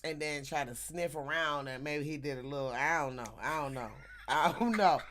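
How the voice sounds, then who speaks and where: A woman telling a story in casual chat, animated and laughing often, acting out the people in it. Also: deep voice, normal speed, crowd noise. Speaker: teacher.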